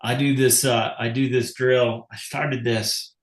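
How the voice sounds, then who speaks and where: A man's voice: mid-range voice, fairly even intonation, a little slow. A man hosting a coaching interview, reflecting on what he heard and telling his own story. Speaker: podcast host, coach. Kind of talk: casual interview talk. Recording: echoey room.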